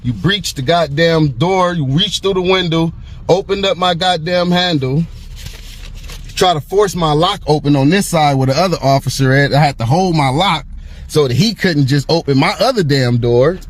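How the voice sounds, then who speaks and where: High-voiced, combative man. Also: normal speed. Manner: firm, confrontational, swears often. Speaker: driver recording a traffic stop. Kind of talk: heated roadside argument. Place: seated in his car at the roadside.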